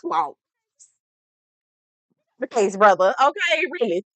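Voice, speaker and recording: A woman giving a comedic, animated, profane recap of a TV episode. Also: on the high side, slow, dry recording. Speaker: TV recap vlogger.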